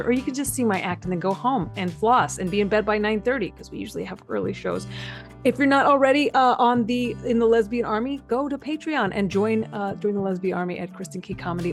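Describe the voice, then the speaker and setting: A woman hosts a comedy podcast, telling a silly story in a joking tone and laughing often. Her pitch sits in the middle range. Music plays clearly behind her voice. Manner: jokey, reads a comic bit, laughs often. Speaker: podcast host.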